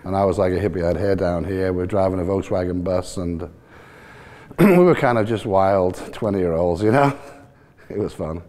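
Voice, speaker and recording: A man in his sixties with a mixed Irish and Liverpool accent, telling his life story in a relaxed, rambling interview. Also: deep voice, moderate pace. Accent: Irish and Liverpool mix. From Ireland and England. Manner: relaxed, rambling, laughs easily. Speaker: team owner, interview guest.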